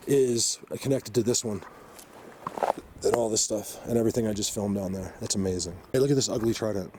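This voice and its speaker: A man hosting an outdoor vlog, rambling excitedly with many fillers as he walks through a mountain forest. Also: on the low side, brisk, a little hiss or hum. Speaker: vlog host exploring the outdoors. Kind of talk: casual walking vlog commentary.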